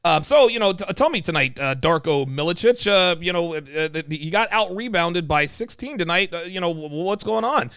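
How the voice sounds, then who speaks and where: A man hosts a relaxed conversation and tells anecdotes with lots of filler and false starts. His voice sits somewhat high, and the recording is dry with no room sound. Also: a little fast, hardly any pauses, clean tone, no echo. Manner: rambling, many fillers and restarts. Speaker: host. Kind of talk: casual chat.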